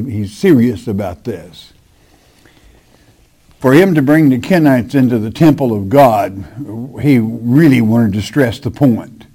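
A man delivers a sermon at an unhurried pace, reading scripture and driving each point home with emphasis. His voice sits in a warm, darker register. He sounds deliberate and firm throughout. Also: mid-range voice. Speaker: Bible teacher.

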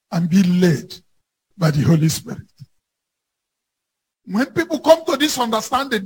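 A man preaching a fervent sermon in a very high voice that has a gravelly, husky edge. He reads scripture slowly and with weight, then builds to shouts to drive his points home. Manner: fervent, rising to shouts on key lines; slow, emphatic scripture reading.

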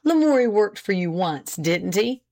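A woman's voice: medium pitch, big pitch swings, a little slow, a little mellow. A woman voicing a cautious, anxious male juror asking careful questions.

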